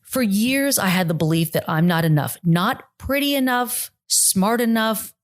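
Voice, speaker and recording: A woman's voice: medium pitch, expressive, measured pace. A woman in her forties hosting a podcast, telling personal stories in an earnest, reflective way with frequent restarts. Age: 40s. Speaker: podcast host. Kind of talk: personal storytelling monologue.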